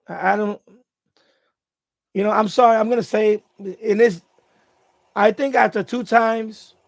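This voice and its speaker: A man's voice: high-pitched, vocal fry, no room sound. A man hosting a casual live stream from home, telling a story in a rambling way with many restarts. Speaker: radio hobby channel host. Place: at home, indoors.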